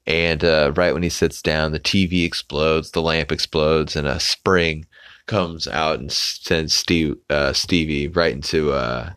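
A man's voice: a bass voice, steady tone, a little slow, fairly bright tone, smooth, dry recording. A young adult man hosting a podcast, casually recapping a cartoon with lots of fillers and the odd swear, on a close mic. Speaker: podcast host.

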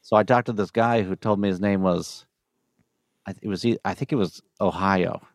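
A man with a low, gravelly voice tells an easygoing story on a podcast. The sound is dry and close. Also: steady tone, moderate pace, no echo. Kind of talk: casual podcast chat.

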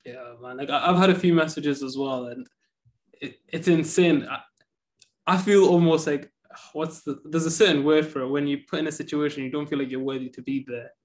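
A young man hosting a casual podcast chat, relaxed and quick to laugh, dropping "man" often. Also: a little high. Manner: relaxed, laughs easily, says "man" a lot.

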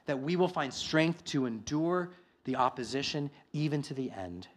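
A male pastor preaching a sermon, moving from quiet, reflective passages to loud, emphatic declarations. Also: fairly high pitch, normal speed.

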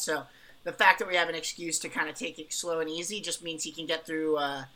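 A woman's voice: low voice, bright, forceful tone, poor audio. A woman player rambling through her character's description with many fillers. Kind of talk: describing a character in a tabletop game.

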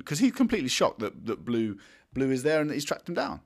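A man's voice: medium pitch, quick pace, gravelly. A man arguing about a film in a casual, heated chat, quoting characters mockingly and swearing. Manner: animated, argumentative, swears, mocking quotes.

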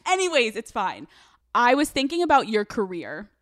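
A woman's voice: fairly high pitch, big pitch swings, moderate pace, dry recording, studio quality. A young woman from Pennsylvania hosting a podcast, chatting brashly and profanely with a fangirl streak. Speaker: podcast host. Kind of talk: casual interview chat.

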